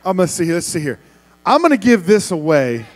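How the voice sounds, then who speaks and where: High, lively-voiced youth pastor man. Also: fairly quick. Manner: playful, loud crowd-wrangling, often shouting. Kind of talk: youth ministry sermon.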